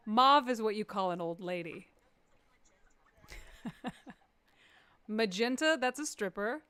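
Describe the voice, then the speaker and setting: A woman's voice: smooth, dry recording. Playful woman comedian hosting live. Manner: playful, bursts into high excited quotes. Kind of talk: live comedy stream banter.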